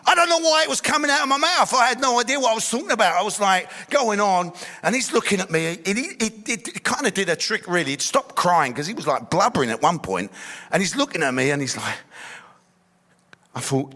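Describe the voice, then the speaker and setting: Bloke, fairly high pitched, sharp and bright, blunt storytelling with lots of you know. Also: male voice, expressive, brisk. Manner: blunt, streetwise, frequent "you know" asides. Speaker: speaker giving a personal testimony. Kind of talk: storytelling testimony.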